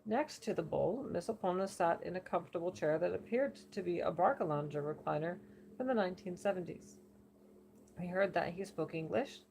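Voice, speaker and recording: A woman reading a book passage aloud for elocution practice, steady and careful with occasional slips. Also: lowish voice, creaky, slight background noise, rough recording. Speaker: reader.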